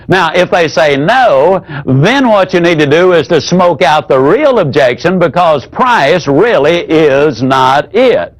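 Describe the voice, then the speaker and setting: A man teaching a sales training seminar in a folksy, demonstrative way. He drops his voice low whenever he acts out an example. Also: expressive, measured pace, hardly any pauses, rough recording.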